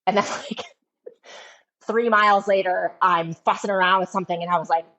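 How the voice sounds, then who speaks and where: A woman's voice: mid-range voice, steady tone, a little fast, pushed and bright. A woman telling a running story in casual chat, full of fillers. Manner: chatty storytelling with many fillers. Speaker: guest runner. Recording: dull lo-fi sound.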